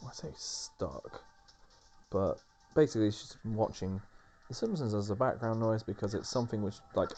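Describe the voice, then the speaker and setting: Slow, mellow-voiced man rambling over gameplay. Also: fairly low pitch. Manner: rambling, filler-heavy chatter. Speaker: let's play host. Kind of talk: casual gameplay commentary.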